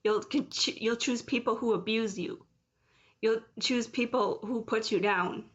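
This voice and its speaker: A woman's voice: on the high side, a little slow. A woman in her late thirties, speaking rawly and emotionally in a personal vlog, with flashes of anger. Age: late 30s. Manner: raw, emotional, angry and confessional. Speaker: vlogger. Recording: dull lo-fi sound.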